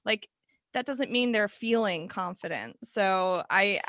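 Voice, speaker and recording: Bubbly woman host, bright and dry. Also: mid-range voice, animated, takes it slowly, no echo. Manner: bubbly, effusive, laughs often. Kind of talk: casual interview chat.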